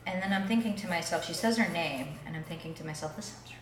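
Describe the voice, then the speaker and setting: A woman's voice: fairly low pitch, fast talker, distant mic. A young woman with a Southern Californian accent tells a travel story in a casual chat, with a dry, sarcastic way of talking. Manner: dry, sarcastic, animated when excited. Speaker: guest. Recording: echoey room, off-mic, faint ambience.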